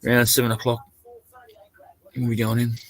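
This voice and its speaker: A man's voice: mid-range voice, monotone, normal speed, no echo. An Australian man chatting casually on a live stream, rambling and laid-back, swearing now and then.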